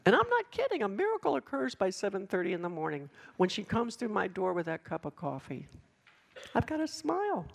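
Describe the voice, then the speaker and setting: A woman giving a passionate sermon to students, emphatic and with dramatic pauses. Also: medium pitch, big pitch swings, creaky. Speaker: speaker addressing students.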